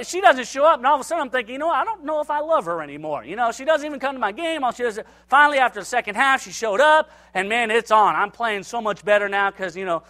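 A man preaching to a church, telling a personal story and acting out its dialogue with lively energy. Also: extremely high pitch. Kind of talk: sermon storytelling.

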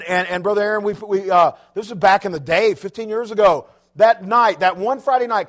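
Middle-aged preacher, high voice, animated delivery that dips quiet and then shouts. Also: male voice. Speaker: pastor. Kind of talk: sermon.

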